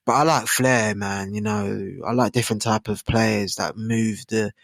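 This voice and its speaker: Slangy young man, gravelly voice. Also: lowish voice, steady tone, a little slow, dry recording. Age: 20s. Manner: slangy, rambling, asks rhetorical tag questions. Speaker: football channel host. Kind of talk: casual football opinion monologue.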